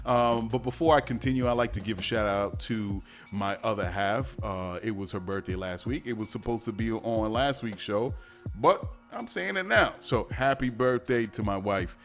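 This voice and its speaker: Chatty man hosting a radio show, low voice. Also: normal speed, faint music behind. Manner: chatty, joking, rambling with fillers and restarts; breaks into silly mock-French voices. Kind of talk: casual podcast monologue.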